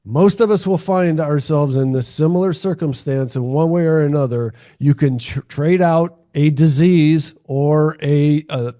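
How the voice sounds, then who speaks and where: Mellow-voiced man musing reflectively. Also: on the high side. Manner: measured, reflective, with frequent murmured agreement. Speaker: podcast co-host. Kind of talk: casual conversation.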